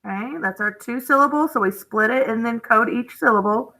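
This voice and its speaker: A woman's voice: fairly high pitch, brisk, bright, forceful tone, rough recording. A woman teaching a phonics lesson to young children, thinking aloud as she codes words and gasping with delight at each new rule. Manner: encouraging, gasps with delight at new rules.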